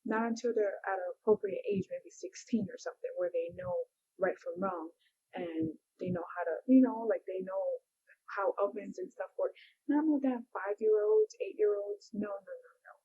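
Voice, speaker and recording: Young woman vlogger, emotional reaction, frequent exclamations, breathy mellow voice, muffled lo-fi audio. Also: mid-range voice, lively intonation, normal speed. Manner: exclaims often, drops into hushed whispers. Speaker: YouTuber reacting to a video. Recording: dull lo-fi recording.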